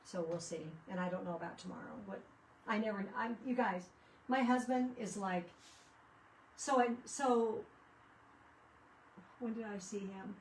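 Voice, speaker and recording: A woman's voice: medium pitch, measured pace, long pauses, slight background noise. A woman chatting casually while she does crafts at home, rambling from one story to the next with lots of restarts. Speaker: craft vlogger. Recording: voice picked up from a distance.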